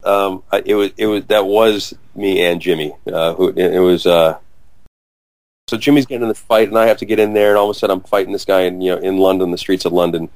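A man in his forties being interviewed, telling an animated anecdote, acting out quotes loudly and laughing often. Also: low-pitched, fast talker, no room sound. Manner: excitable storyteller, acts out quotes loudly, laughs a lot. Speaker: actor interviewee.

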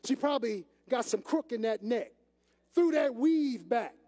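Older guy preaching, folksy and chatty, really high mellow voice, big churchy echo. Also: expressive, a little slow. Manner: conversational, folksy, addresses the congregation directly. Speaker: assistant pastor. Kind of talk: sermon with storytelling. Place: church sanctuary. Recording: echoey church hall.

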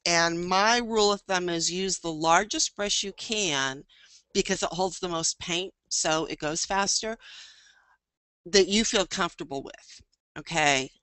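A woman's voice: on the low side, measured pace, fairly bright tone, clean tone, dry recording. A woman teaching a live online painting class, chatting and thinking aloud as she paints.

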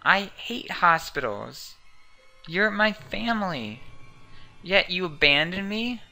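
A man's voice: lively intonation, unhurried, sharp tone, clean tone, faint music behind, heavily acted. A man voicing an anguished ghostly mother who accuses her son of abandoning her, reading game dialogue aloud. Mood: accusing. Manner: accusing, wounded and shrill. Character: anguished ghostly mother, middle-aged woman.

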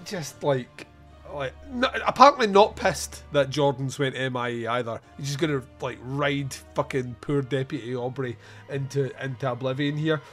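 A man's voice: medium pitch, normal speed, fairly bright tone, soft background music. A man hosting a podcast and chatting casually about a film, rambling, swearing and laughing often. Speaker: podcast host. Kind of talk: casual film review chat.

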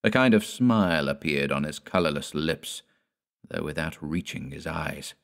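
A man narrating a classic horror tale in a measured, quiet storytelling manner. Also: rumbling low. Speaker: audiobook narrator.

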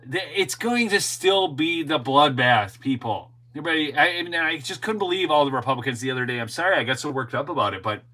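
A man's voice: on the high side, expressive, fairly quick, gravelly, few pauses, bright, forceful tone, rough recording. A middle-aged man hosting his own show, delivering an emphatic, opinionated commentary monologue and talking straight to his viewers. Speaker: show host and political commentator.

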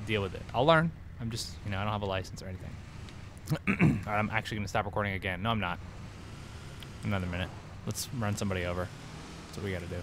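A man giving goofy, excitable let's play commentary, trash-talking the game as he plays. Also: lowish voice, fast, long pauses. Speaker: gaming host. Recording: noisy game-audio mix. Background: game sound effects and vehicles.

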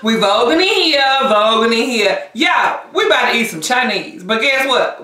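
A woman hosts a casual mukbang vlog, chatting straight to her viewers in a slightly high, bright, forceful voice with lively intonation. She speaks at a moderate pace with barely any pauses. She sits far from the mic in an echoey room.

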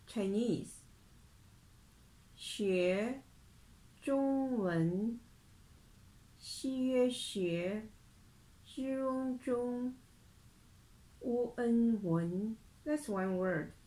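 Very slow-speaking woman language teacher. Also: fairly high pitch, mellow, rough recording. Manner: slow, deliberate, repeats each phrase. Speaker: Mandarin teacher.

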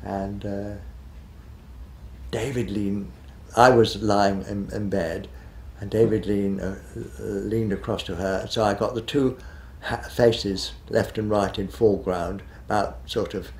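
A man's voice: on the low side, steady tone, takes it slowly, a little mellow, echoey room. A man in his eighties, a retired television director, reminiscing in an interview in a rambling, hesitant way, full of fillers and restarts. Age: 80s.

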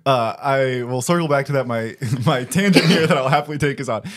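A young man hosting a podcast who talks quickly, laughs easily and jokes about himself. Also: mid-range voice. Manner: quick-talking, laughs easily, self-deprecating. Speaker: podcast host. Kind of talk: casual conversational interview.

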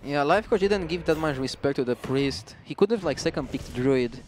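A man with an Eastern European accent doing relaxed, chatty commentary on a card game match. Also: fairly high pitch, moderate pace, a little hiss or hum. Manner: relaxed, chatty, laughs often. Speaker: esports caster.

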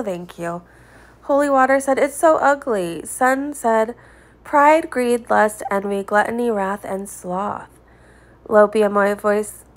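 A woman with a somewhat high voice reads social media comments aloud in a casual, chatty way. She pauses between comments for quick dry remarks and soft chuckles. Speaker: commentary vlogger reading comments.

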